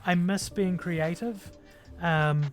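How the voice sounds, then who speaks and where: Soft music plays as a New Zealand-accented streamer paints miniatures and chats idly, thinking aloud with many ums. The mid-range voice stays fairly even and slow.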